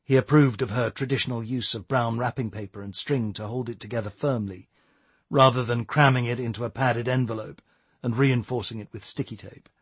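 Male audiobook narrator, husky voice, dry close recording, measured. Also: medium pitch, no echo. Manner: steady, measured storytelling. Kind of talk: scripted narration.

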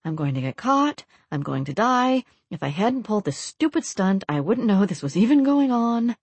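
A woman's voice: medium pitch, big pitch swings, normal speed, a little mellow, breathy edge, no room sound, voice pushed up. A woman voicing a scared young man who mutters his panicked thoughts under his breath. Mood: frightened.

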